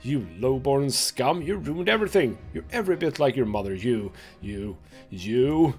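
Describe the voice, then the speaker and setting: A man's voice: fairly high pitch, very animated, normal speed, creaky, soft background music. A man voicing a gaunt old nobleman driven to madness, ranting with scorn and religious fervor in a game reading. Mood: raging, fanatical. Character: gaunt, maddened old male nobleman, venomous.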